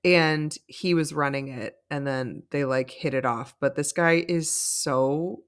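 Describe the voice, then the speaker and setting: On a podcast she co-hosts, a woman goes over reality TV episodes in an unhurried, low, smooth voice. The chat is lively and informal, with plenty of "like" and lots of laughing.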